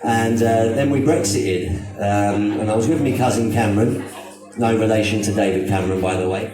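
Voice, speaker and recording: A man's voice: on the low side, fairly even intonation, moderate pace, dark tone. A British man doing live stand-up comedy on stage in a put-on Australian accent, rambling, self-mocking and swearing freely. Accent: mock Australian over British. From Britain. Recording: very echoey, distant from the mic, music behind.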